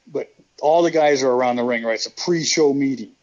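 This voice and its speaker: A man's voice: mid-range voice, fairly quick, a little mellow, muffled recording. A middle-aged man and former pro wrestler, telling stories with self-deprecating jokes in a casual interview. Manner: joking, self-deprecating storyteller.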